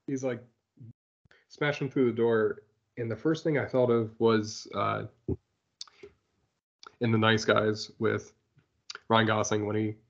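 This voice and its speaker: A man's voice: fairly low pitch, little pitch movement, slow, vocal fry, pauses often, fairly bright tone, lo-fi sound. A man co-hosting a comics podcast in casual, jokey chat, laughing often. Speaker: podcast co-host.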